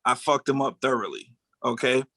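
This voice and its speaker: A man in his forties telling a long story in casual chat, acting out what people said with animated delivery. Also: mid-range voice, moderate pace, dry recording. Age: 40s. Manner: animated storyteller, acts out quotes. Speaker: podcast co-host.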